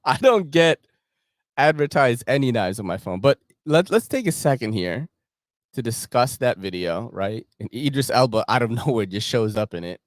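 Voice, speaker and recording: A man's voice: medium pitch, lively intonation, normal speed, no room sound, clean studio sound. A man hosting his own show, talking casually, swearing freely and chuckling often. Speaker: podcast host.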